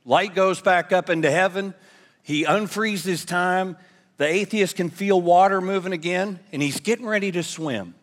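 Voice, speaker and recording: High-voiced pastor preaching in a big hall. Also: male voice, measured pace, fairly bright tone. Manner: playful, then earnest. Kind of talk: sermon with jokes. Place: church sanctuary.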